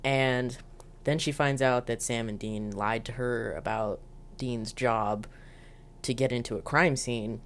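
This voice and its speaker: A woman's voice: extremely low pitch, fairly even intonation, a little slow, a little hiss or hum. A woman casually recapping television episodes in a chatty, filler-heavy way with giggly asides. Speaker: show reviewer.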